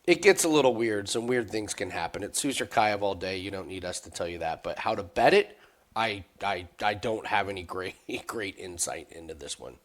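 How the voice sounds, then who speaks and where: A man talking casually as a sports betting analyst, excitable, laughing often and stammering through restarts. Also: low-pitched, moderate pace. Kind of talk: casual podcast chat.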